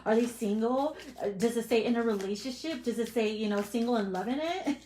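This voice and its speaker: A woman's voice: fairly high pitch, fairly quick, mellow, a little hiss or hum. A woman giving a casual tarot reading, swearing freely and laughing often. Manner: profane, bubbly, laughs often. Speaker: tarot reader.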